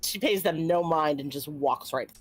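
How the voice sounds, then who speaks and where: A woman's voice: deep voice, normal speed, crowd noise. A woman player casually narrating her character's actions in a tabletop game.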